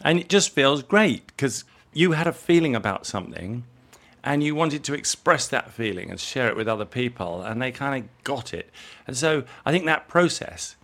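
A middle-aged man from England, an interview guest who talks in a relaxed, rambling way, repeating words as he thinks aloud. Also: mid-range voice, moderate pace. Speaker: interview guest, jewellery designer. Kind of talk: relaxed conversational storytelling.

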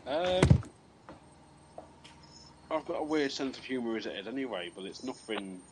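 A man on a podcast call, laughing through his own story and getting loud. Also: mid-range voice, sing-song, moderate pace, very noisy. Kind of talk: casual chat. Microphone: Skype call.

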